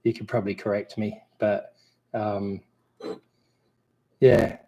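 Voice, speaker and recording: A man's voice: lowish voice, flat delivery, slow, dark tone. Rambling Australian man chatting live. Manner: rambling, easygoing, many fillers and restarts. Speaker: co-host. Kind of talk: casual live Q&A chat.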